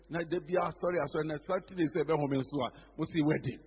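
A man's voice: a little high, fast talker, breathy edge. A man with a Ghanaian accent preaching a sermon as pastor, acting out the voices of church members. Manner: animated preaching, mimics congregants, mixes local phrases. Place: church hall. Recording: dull echoey church hall recording.

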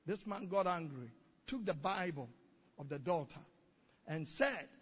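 Male pastor, animated sermon storyteller; husky tone, dull, muffled sound. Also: on the high side, measured pace. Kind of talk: sermon with testimony. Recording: dull recording in a reverberant hall.

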